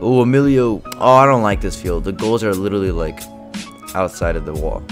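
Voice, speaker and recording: A young man giving live commentary over his own gameplay, excitable and trash-talking, swinging between muttering and shouting. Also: low-pitched, a little fast, over loud music. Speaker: gaming video creator.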